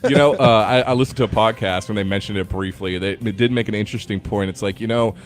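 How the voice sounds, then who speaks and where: A man's voice: lowish voice, fast. A man co-hosting a morning radio show, tossing in dry, sarcastic quips during casual banter. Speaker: radio co-host.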